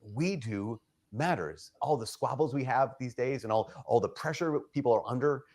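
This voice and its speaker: A man's voice: mid-range voice, normal speed, darkish tone. A man explaining his view earnestly in a casual chat. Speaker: apologist.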